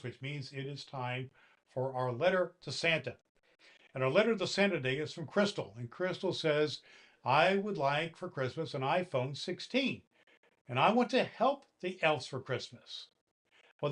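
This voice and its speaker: With a mid-range voice, a man in the part of Santa gently reads a kids' story out loud and addresses the girls and boys in his audience.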